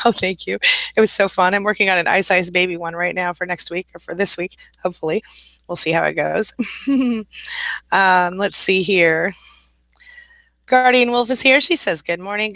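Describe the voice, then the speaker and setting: Bright-voiced chatty woman hosting a live chat. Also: medium pitch, dry recording. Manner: chatty, welcoming, laughs often, calls people honey. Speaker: host. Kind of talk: live-stream chat reading viewer comments.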